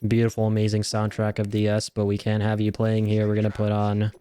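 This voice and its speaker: A man's voice: lowish voice, completely flat delivery, brisk, dark tone, clean tone. A man streaming a video game, chatting casually and playfully, joking and swearing as he plays. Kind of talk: casual gameplay commentary.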